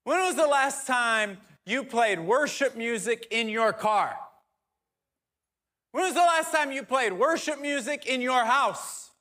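A man's voice: extremely high pitch, expressive, slow, sharp tone, pitched above the performer's own voice, heavily acted. A man preacher voicing a stern father who scolds and questions his grown son firmly. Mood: scolding.

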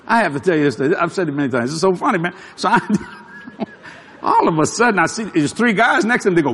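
Male preacher, high animated delivery, chuckling storyteller, faint background hum. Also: a little fast. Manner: animated, chuckling, shouts for emphasis. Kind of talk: storytelling sermon.

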